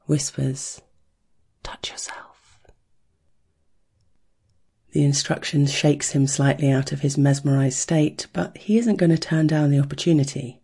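A narrator reading an erotic story in a soft, hushed way, chanting a steady heartbeat rhythm. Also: mid-range voice, vocal fry, husky.

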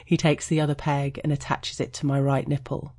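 Husky British woman reading an erotic story. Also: low voice, monotone, mellow. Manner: frank and wry, slowing to intimate detail. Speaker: sex blogger.

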